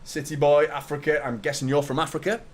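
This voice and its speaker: Man, football fan host, chatty, greets viewers, swears casually, brightish pitch. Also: flat delivery, fast talker. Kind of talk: live football watchalong chat.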